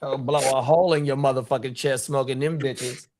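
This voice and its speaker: A man co-hosting, giving hype shout-outs full of profane slang in casual chat. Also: mid-range voice, fairly even intonation, a little fast, a crowd in the background. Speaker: co-host.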